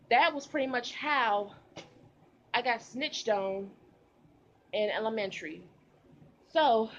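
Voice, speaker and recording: A young woman vlogger recording outdoors, telling a casual storytime with animated delivery and slang. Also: a little high, dull audio, slight background noise. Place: outdoors in humid heat.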